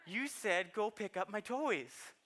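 A man's voice: sits high, lively intonation, slow, a bit bright, pitched above the performer's own voice, full character voice. Man doing an eager toddler boy. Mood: excited. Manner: breathless, eager, repeats "Daddy, Daddy". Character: excited little boy of three, eager.

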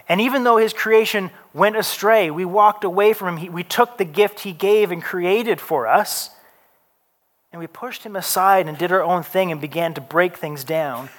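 A man preaching a sermon, slow and deliberate, with casual asides, rising to loud urgent peaks and dropping to soft hushed lines. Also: high voice. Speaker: pastor.

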